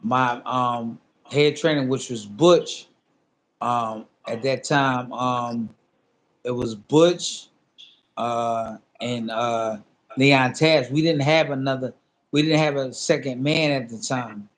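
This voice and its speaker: Animated middle-aged man telling a story. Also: medium pitch, slow, a little hiss or hum. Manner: animated storyteller who acts out both sides of a phone call; loose, repetitive phrasing with many fillers. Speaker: interview guest, former boxer. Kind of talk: casual storytelling in a sit-down interview.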